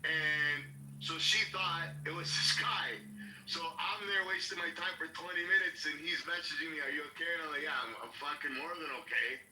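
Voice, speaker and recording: A man telling a story on a podcast, animated and profane, with a very bright, forceful voice. He sounds a little off the mic in an echoey room, with faint noise behind him. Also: fairly high pitch, fairly quick, distant mic. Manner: animated, swearing, acts out quotes in a raised voice.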